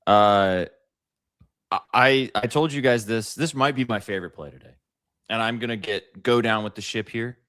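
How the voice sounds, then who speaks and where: A man hosting a sports betting show, pitching his picks casually and addressing chat directly. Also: normal speed, a bit bright, no room sound, clean studio sound. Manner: hyped, talks to chat directly.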